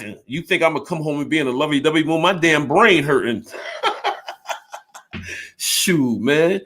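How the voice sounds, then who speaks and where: Blunt, animated man in his fifties. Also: a little high. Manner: animated, blunt, swears, acts out both sides of arguments. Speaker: storyteller recounting his life. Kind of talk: candid personal storytelling.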